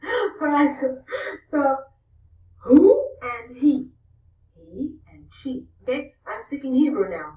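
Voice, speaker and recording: A woman's voice: on the high side, animated, unhurried, darkish tone. A woman explaining Hebrew pronouns in a recorded language lesson, playful and amused by the word quirks. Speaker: Hebrew teacher. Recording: muffled, distant, echoey replayed audio.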